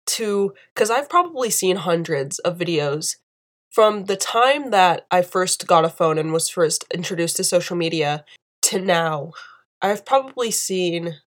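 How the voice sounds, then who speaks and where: A young woman hosting a podcast, speaking alone in earnest, emotional commentary and repeating phrases for emphasis. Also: on the low side. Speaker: podcast host. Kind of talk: impassioned solo commentary.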